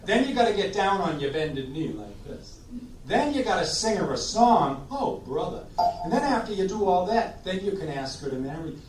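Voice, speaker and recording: A man's voice: sits high, very animated, moderate pace, background noise. A man hosting a live oldies sing-along, chatting jokily between songs and coaxing the audience to join in. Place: community room at a senior living residence. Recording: roomy distant live recording with music.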